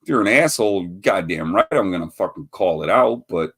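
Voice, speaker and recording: Low-voiced, profane male streamer. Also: expressive, brisk, fairly bright tone, breathy edge. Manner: profane, rambling storyteller who laughs often. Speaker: livestream host. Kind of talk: casual livestream chat.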